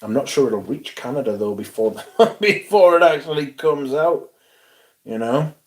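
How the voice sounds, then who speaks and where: A man hosting a casual livestream, chatting and answering viewers in an animated, exclamatory way and swearing freely. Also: mid-range voice, moderate pace. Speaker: livestream host. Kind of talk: casual livestream chat, reading viewer comments.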